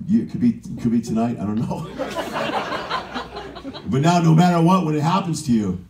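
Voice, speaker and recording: A man in his forties doing a crude, animated stand-up comedy routine in a cruise ship comedy lounge, shouting his punchlines. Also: on the high side, moderate pace, vocal fry, noisy background. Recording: roomy lounge, far from the mic, with crowd laughter. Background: audience laughter.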